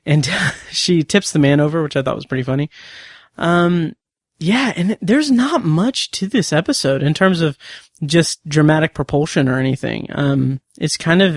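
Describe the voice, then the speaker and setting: Guy rambling through a tv episode recap, kinda high voice, dead dry mic. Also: no room sound. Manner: rambling, many fillers and restarts, chuckles. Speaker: podcast host reviewing a TV episode. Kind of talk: casual solo review.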